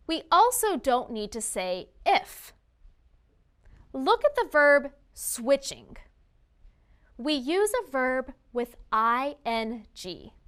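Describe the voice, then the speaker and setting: A woman's voice: sits high, bright, forceful tone. Woman explaining grammar, voice bounces up and down a lot, stresses example phrases. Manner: clear, slow, emphatic delivery of example phrases. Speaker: grammar teacher. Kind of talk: scripted lesson narration.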